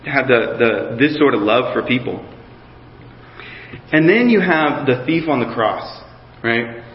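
A man's voice: mid-range voice, expressive, measured pace, a little hiss or hum. A man giving a sermon in a loose, conversational way, restarting phrases and asking the congregation questions. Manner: conversational preaching with many restarts and asides to the congregation. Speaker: pastor. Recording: roomy hall sound, slightly dull.

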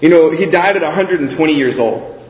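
A man's voice: on the high side, fairly quick. A man preaching a sermon in a conversational way, often restarting his phrases, recorded in a church hall. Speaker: pastor. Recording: echoey hall, dull lo-fi sound.

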